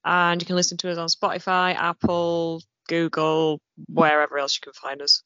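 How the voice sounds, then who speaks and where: Lower-voiced woman reeling off details. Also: flat delivery, bright, forceful tone, no room sound, lo-fi sound. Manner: listing things off briskly. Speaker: podcast co-host. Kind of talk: casual podcast chat.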